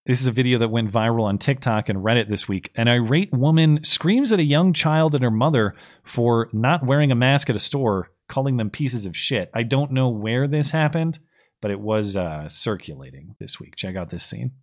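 Man, podcast co-host, sarcastic, argumentative, middle pitch, political commentary. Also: animated, normal speed.

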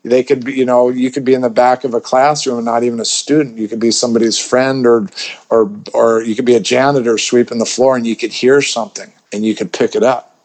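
A man's voice: medium pitch, steady tone, brisk, a little mellow. A man telling a story as a podcast guest, rambling with lots of restarts and swearing freely. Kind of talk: casual storytelling chat.

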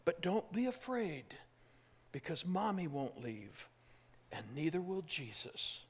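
Man, high voice, pastor giving a sermon, swings from soft comfort to loud emphasis. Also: big pitch swings, slow pace, husky. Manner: shifts from hushed, gentle reassurance to loud, emphatic preaching.

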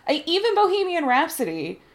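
A woman co-hosting a casual podcast about films, talking in an animated, indignant way and quoting others in asides. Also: very high voice, fairly quick. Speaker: podcast co-host. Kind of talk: casual film chat.

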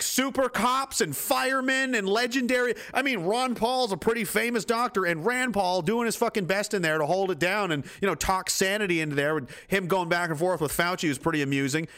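A man's voice: sits high, fairly bright tone. A man giving angry, profane, sarcastic political commentary.

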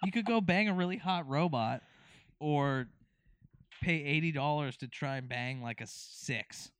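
A man's voice: fairly high pitch, measured pace, fairly bright tone, clean tone, dry recording. A man co-hosting a podcast in casual chat, playful and joking. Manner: playful, jokes and acts out bits. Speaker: podcast co-host.

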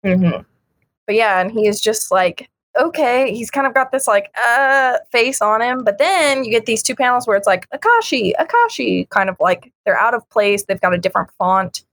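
Her voice sits on the high side with a fairly bright tone, moderate pace, and a dry recording. She's a podcast co-host in a casual chat about a comic, speaking frankly, giggling, and acting out lines along the way.

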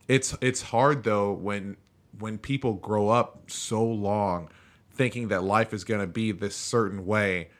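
A man in his thirties with a lowish pitch and a bright, forward tone hosts a podcast in casual conversation. He talks loosely, leaning on filler phrases. His stories come out relaxed and chatty. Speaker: podcast host. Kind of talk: casual chat.

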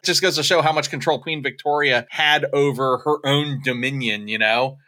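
A man's voice: medium pitch, fairly even intonation, moderate pace, sharp tone. A man co-hosting a casual chat, telling a history story in a wry way and laughing often. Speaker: podcast co-host.

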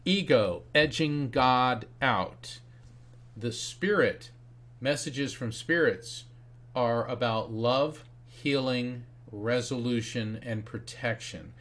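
A man in a podcast interview, telling a spirited story with a voice that leaps high and drops low as he acts out each person he quotes. His pitch sits in the middle for a man, and he laughs now and then as he speaks. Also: slow, fairly bright tone. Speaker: guest author and psychic medium.

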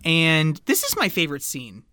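A man's voice: on the high side, wildly swooping pitch, moderate pace, pushed and bright, no room sound. A man co-hosting a podcast, recapping a movie in casual chat and animatedly acting out the characters' lines. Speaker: podcast co-host.

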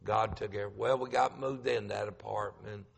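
A man's voice: fairly low pitch, fairly even intonation, moderate pace, vocal fry, husky, in a large hall. A middle-aged man, a pastor telling a story in a sermon, acting out the voices he quotes and repeating lines for emphasis. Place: church sanctuary.

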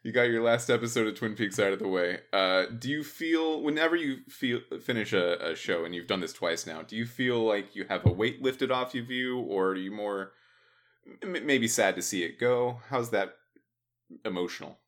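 A man hosting a podcast in casual chat, a bit stuttery and quick to laugh. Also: lowish voice, fairly bright tone. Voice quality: praised radio voice. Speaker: podcast host.

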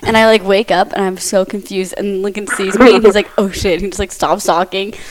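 A woman's voice: mid-range voice, brisk, low-quality recording. A young woman co-hosting a podcast, animatedly telling hunting-trip stories with lots of laughter. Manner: animated storytelling with frequent laughter. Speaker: podcast co-host. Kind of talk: casual chat.

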